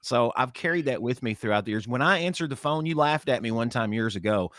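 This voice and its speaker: Lively middle-aged man, dry studio voice. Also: medium pitch, fairly quick, no echo. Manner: lively storyteller, repeats words when starting. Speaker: podcast co-host, former radio personality. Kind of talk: casual chat.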